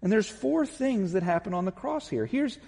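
A male pastor giving an impassioned sermon, building to loud, emphatic peaks. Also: high-pitched, lively intonation, normal speed, creaky, big-room sound. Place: church sanctuary.

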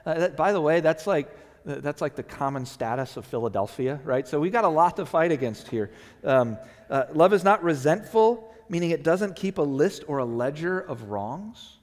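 A man preaching a sermon as a pastor, talking conversationally and acting out quotes in an animated way. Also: a little high, moderate pace, big-room sound. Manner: conversational, animated storytelling with playful acted-out quotes.

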